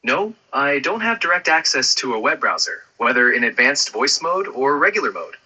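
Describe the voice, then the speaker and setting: A man's voice: medium pitch, big pitch swings, normal speed, pushed and bright, husky, low-quality recording. A man's synthetic assistant voice, friendly and upbeat in casual chat, ending turns with questions. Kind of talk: conversational AI chat.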